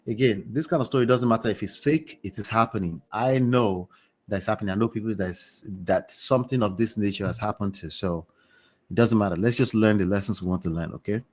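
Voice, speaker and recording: A man's voice: on the low side, brisk, faint music behind. A man hosting a livestream, reading a story aloud and breaking off for chatty asides to his viewers. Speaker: host.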